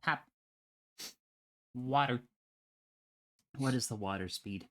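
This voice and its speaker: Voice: medium pitch, takes it slowly. A game master running a tabletop game over voice chat, calling rolls and damage matter-of-factly.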